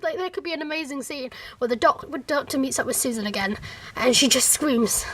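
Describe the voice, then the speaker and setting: A woman with a high, light voice chats to camera as a fan reviewer. She sounds animated and rambling, with frequent fillers and restarts. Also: fairly quick, breathy edge. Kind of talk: casual chat to camera.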